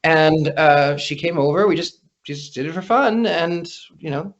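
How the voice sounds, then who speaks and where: A man's voice: fairly high pitch, a little slow, lo-fi sound. A man talking as a guest psychic in a casual interview, telling stories with lots of restarts over a remote call. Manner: chatty storyteller, frequent restarts.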